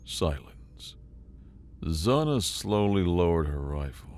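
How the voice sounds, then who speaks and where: A man reading a sci-fi story as narrator, with dramatic, expressive delivery. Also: low voice, a little slow, soft background music.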